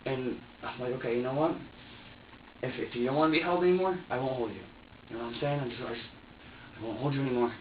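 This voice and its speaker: A man's voice: mid-range voice, quick pace, long pauses, slight background noise. A man answering questions in a police interrogation, rambling, repeating himself and acting out what he said. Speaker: suspect being questioned. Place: interrogation room. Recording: echoey, distant, dull lo-fi room recording.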